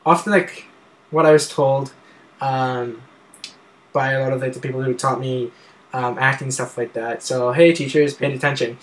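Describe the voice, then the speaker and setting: A man co-hosting a casual film discussion, talking in a halting way with many fillers and restarts. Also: mid-range voice, steady tone, rough recording.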